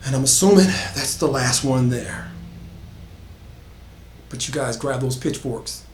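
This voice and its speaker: A man's voice: medium pitch, unhurried, roomy sound, a little hiss or hum, close to an everyday voice. A man voicing a young man who speaks firmly, rallying his friends. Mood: resolute. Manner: firm, rallying. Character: young man, resolute leader of the survivors.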